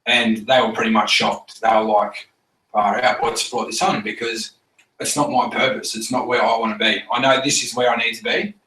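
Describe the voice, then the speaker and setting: Animated man, far-off and echoey. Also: mid-range voice, fairly quick. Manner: animated, laughing often, swears freely. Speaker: team member giving a testimonial. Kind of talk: casual storytelling talk to a group. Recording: echoey room, recorded from afar.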